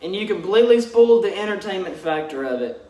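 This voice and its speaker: A man's voice: high-pitched, animated, fast talker, lo-fi sound, a crowd in the background. A young man ranting bluntly and mockingly in a vlog, swearing constantly. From Texas. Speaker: vlogger. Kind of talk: profane ranting commentary. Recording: roomy echo, distant mic.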